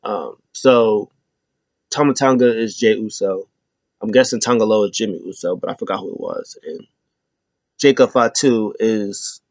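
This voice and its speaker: Rambling man recapping wrestling, dry sound. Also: dry recording. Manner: loose and rambling, many fillers, acts out quotes with sudden high-pitched squeals. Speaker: wrestling show host. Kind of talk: casual recap commentary.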